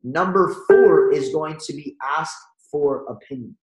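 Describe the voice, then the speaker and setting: Man, motivational sales trainer, fairly high voice, roomy echo. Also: measured pace, soft background music. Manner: energetic, coaching, acts out phone calls. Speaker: network marketing trainer.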